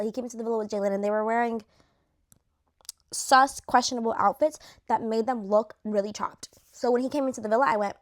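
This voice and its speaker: A woman's voice: fairly high pitch, steady tone, fast talker, soft background music. A young woman vlogging in casual chat, gushing and chatty, leaning on "like" and dropping swear words, her voice a little worn. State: losing her voice. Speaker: vlogger ranking reality show cast.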